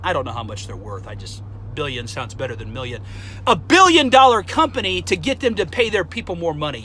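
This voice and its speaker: High-voiced man in a profane rant. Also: fast talker, slightly rough, rough recording. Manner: profane, heated ranting that flares up and then calms. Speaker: vlogger. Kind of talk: angry rant to camera.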